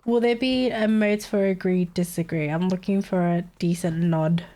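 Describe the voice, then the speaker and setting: A woman's voice: fairly low pitch, fairly even intonation, normal speed, mellow. A young woman streaming live, chatting casually with her viewers, chatty and giggly and swearing freely.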